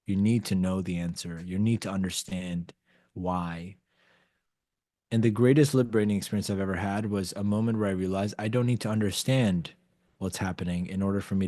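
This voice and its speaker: A man talking as a podcast guest in a casual storytelling style, animated, acting out the dialogue he quotes and often saying "like". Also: low voice, no room sound, studio quality. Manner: animated storyteller who acts out quoted dialogue, frequent "like" fillers.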